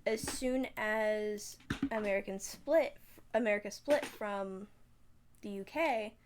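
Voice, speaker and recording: Woman, podcast host, casual chat, hesitant, slow. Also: medium pitch, slight background noise. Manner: hesitant, many fillers and restarts, giggly.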